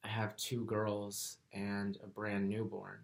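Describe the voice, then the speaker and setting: A man retelling the words of a tearful, struggling young mother in a slow, soft way. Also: on the low side, monotone, gravelly. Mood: resolute.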